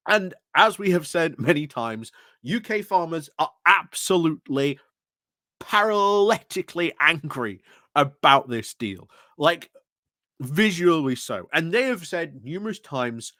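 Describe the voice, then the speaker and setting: A man's voice: fairly high pitch, sing-song, measured pace, bright, forceful tone, dry recording, studio quality. A man giving casual, wry commentary on the news, laughing often as he talks. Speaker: YouTube political commentator.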